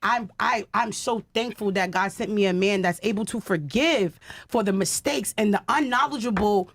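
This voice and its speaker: A woman's voice: medium pitch, normal speed, fairly bright tone, no room sound. A woman guest on a podcast panel, talking bluntly and self-assuredly from her own experience. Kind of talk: casual panel talk.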